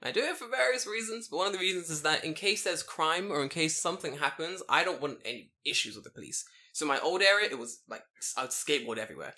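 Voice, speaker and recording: A man hosting a podcast, telling a story in an excitable, profane, animated way. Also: a little high, fast, few pauses. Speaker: podcast host. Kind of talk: casual chat, storytelling.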